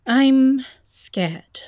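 Girl doing a shy nervous young woman, stammers a lot, slow halting talk, dry close sound. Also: high-pitched, darkish tone, no room sound, full character voice. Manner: stammering, hesitant, nervous laughter. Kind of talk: audio role-play.

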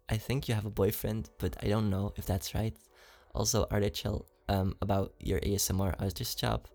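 A man's voice: lowish voice, dark tone. A man with a slight foreign accent, an ASMR creator answering fan questions in casual, chatty talk with lots of fillers and giggles.

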